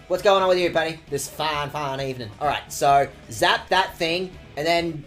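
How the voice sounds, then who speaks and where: A man's voice: a little high, normal speed, hardly any pauses, fairly bright tone, faint music behind. A man streaming a game with sweary, jokey commentary. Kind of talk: casual gaming commentary.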